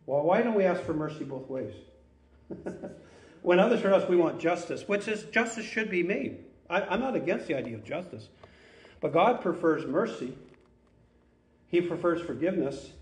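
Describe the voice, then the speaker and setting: A man preaching a sermon as a pastor, earnest and conversational, reading scripture with lively emphasis. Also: on the high side, echoey room.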